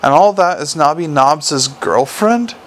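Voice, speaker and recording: A man's voice: fairly high pitch, lively intonation, measured pace, a little hiss or hum. A man voicing a teasing vampire policewoman. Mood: coaxing. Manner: probing, coaxing.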